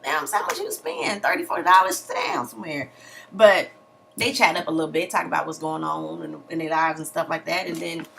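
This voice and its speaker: A young woman recapping a reality TV episode in a sassy, animated way, full of slangy asides and mock outrage. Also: low-pitched, fast, creaky. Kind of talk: casual recap commentary.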